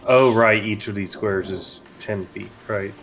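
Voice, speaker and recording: Jokey low-voiced man playing a tabletop game. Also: unhurried, a bit bright, faint music behind. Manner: jokey, laughs easily. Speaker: player. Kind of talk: casual game chat.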